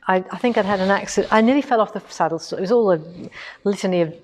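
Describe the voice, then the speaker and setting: Rapid-fire and medium-pitched, a middle-aged woman chats casually during her quilting shop's livestream, set indoors in a quilting machine showroom. There is slight background noise as she rambles with asides and moves the camera on its tripod.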